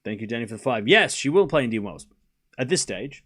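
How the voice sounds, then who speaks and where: A man's voice: medium pitch, lively intonation, fairly quick, fairly bright tone. Man calling tennis live on a stream. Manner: casual, thanks viewers for donations between points. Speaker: host of a tennis watchalong stream. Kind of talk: live play-by-play commentary over a scoring stream.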